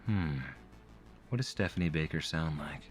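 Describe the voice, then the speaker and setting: A man's voice: rumbling low, normal speed, faint music behind. A man hosting comedic commentary on reviews, with exaggerated reactions and frequent laughs. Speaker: host.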